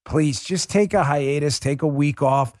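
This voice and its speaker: A man's voice: a little high, measured pace, darkish tone, no echo, clean studio sound. Combative ranting man hosting a political show. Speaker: political talk show host. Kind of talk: heated political commentary monologue.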